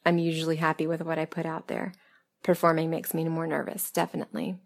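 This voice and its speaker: Woman from the American South, a little hoarse, low-pitched, candid casual chat, soft self-deprecating laughs. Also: completely flat delivery, fast talker. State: losing her voice. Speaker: audio script writer and performer answering listener questions. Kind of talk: casual interview-style Q&A monologue.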